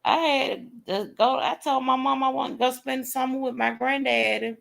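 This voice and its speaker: A woman's voice: high voice, gravelly. A woman hosting a casual live stream, talking bluntly with plenty of cursing and laughter. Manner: blunt, profane and animated, with laughter and drawn-out asides.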